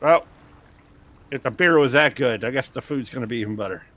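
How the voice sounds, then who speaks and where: A man's voice: medium pitch, brisk, a bit bright. A man playing a character in a tabletop game, talking casually and laughing. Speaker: player.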